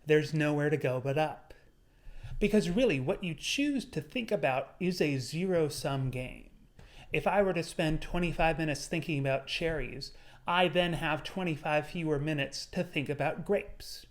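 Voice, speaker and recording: A young man talking to his viewers in an earnest motivational monologue, his voice sitting a little high for a man. He paces it out and lingers on the words he wants to land. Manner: earnest, measured, slowing on key words. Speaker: YouTuber.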